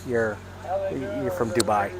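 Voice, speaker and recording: A man's voice: medium pitch, fairly even intonation, slow pace, crowd noise. A man casually commentating a live stream outdoors at a golf course at night, chatty and rambling with lots of fillers. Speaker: livestream commentator.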